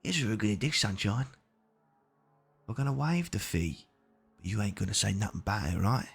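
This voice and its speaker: A man voicing a gruff, bullying male road warden captain who threatens and swears. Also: on the low side, brisk, soft background music, full character voice. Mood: threatening.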